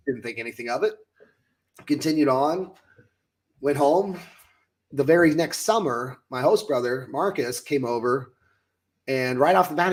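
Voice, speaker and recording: A man in his late thirties from the United States, a coach and show host, telling his story in a casual chat and acting out his own past lines. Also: a little high.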